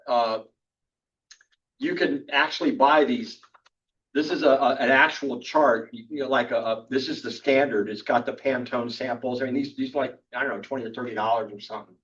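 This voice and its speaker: A man's voice: mid-range voice, fairly even intonation, moderate pace. An older man talks a camera club through a casual workshop, rambling along with lots of restarts and fillers. He is picked up from well back in the room. The sound is dull and muffled. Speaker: photography instructor. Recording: distant, dull room recording.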